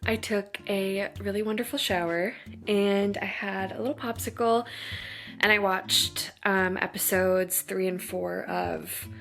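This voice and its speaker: A woman's voice: medium pitch, fairly even intonation, a little slow, creaky, a bit bright. A young woman chatting casually to the camera in a home vlog, bubbly and full of "like". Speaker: vlogger. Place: at home, kitchen and bedroom.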